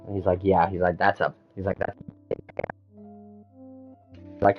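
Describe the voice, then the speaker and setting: A man's voice: on the low side, flat delivery, normal speed, pauses often, highs cut off, faint music behind. A man in casual chat, telling long rambling stories full of swearing. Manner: rambling, profane storytelling.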